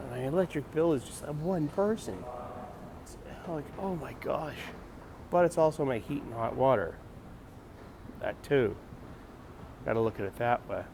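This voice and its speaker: A man's voice: mid-range voice, darkish tone, slight background noise. A man hosting a casual morning monologue, rambling and wry, sighing and restarting his sentences. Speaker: host of a morning video show.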